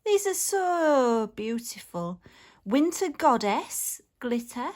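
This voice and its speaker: A woman's voice: on the high side, animated, slow, a little hiss or hum. A woman chatting casually to camera as she unboxes a parcel at home, gushing and laughing now and then, filmed on her phone. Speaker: craft vlogger.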